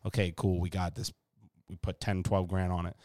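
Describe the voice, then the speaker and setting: A man's voice: deep voice, level tone, a little fast, a little mellow, a little hiss or hum. A man co-hosting a podcast, chatting casually and rambling with lots of swearing, his mouth dry while he recovers from a car accident. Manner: profane, rambling, trailing off. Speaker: podcast co-host. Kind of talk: casual chat.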